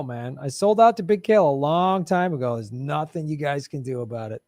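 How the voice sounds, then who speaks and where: A man's voice: a little high, a little fast, a little mellow, dry recording. Sarcastic man chatting on a live stream. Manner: sarcastic, joking, swears, laughs often. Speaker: comedian host answering live chat. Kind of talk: casual live-stream chat. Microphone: studio microphone.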